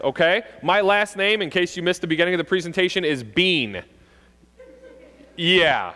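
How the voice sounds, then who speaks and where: A man in his forties, a police officer, giving a joking, animated talk to kids and parents at a school assembly. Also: high voice. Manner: jokey, animated, acts out kids' voices. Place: school gym or auditorium. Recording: long reverb of a large hall.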